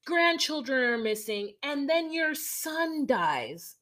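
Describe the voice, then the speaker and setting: A woman's voice: sits high, very animated, slow, a bit bright. A woman recapping in a rambling, frank podcast chat, dropping casual swears. She circles back through her sentences with plenty of fillers. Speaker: podcast co-host.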